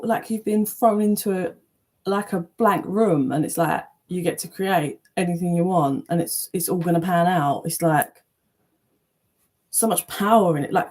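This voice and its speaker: A woman giving a casual, chatty tarot reading, animated, with loose language and playful asides. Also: fairly low pitch. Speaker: tarot reader.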